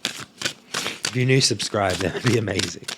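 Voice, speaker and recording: A man's voice: lowish voice, a little slow, vocal fry, very noisy. A man doing a casual oracle card reading to camera, emotional, laughing and sighing as he goes. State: emotional, coughing. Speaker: tarot card reader.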